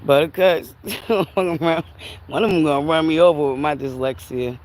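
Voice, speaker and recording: A woman's voice: deep voice, a little slow, slight background noise. A woman chatting and laughing with viewers on a livestream while walking outdoors by a river, a bit winded from the heat. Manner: chatty, animated, laughs often, talks to viewers as Buttercups. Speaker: livestream host. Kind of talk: casual walking livestream chat.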